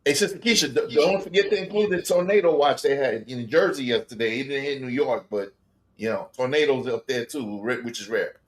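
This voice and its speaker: A man's voice: mid-range voice, a little fast. Chatty man on a livestream. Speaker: guest. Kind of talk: casual livestream chat.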